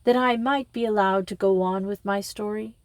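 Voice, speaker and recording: A woman voicing a gruff retired colonel who speaks in clipped, brisk phrases. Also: medium pitch, darkish tone, no echo, lightly acted. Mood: plaintive. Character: gruff retired colonel, fond of ghost stories.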